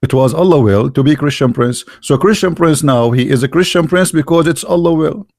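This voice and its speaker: A man with a somewhat high voice gives sarcastic, incredulous commentary in English, which is his second language. He sounds close to the mic, and the sound is dry. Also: brisk, vocal fry, a little mellow, dry recording. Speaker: online religion critic. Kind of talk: mocking commentary on a text.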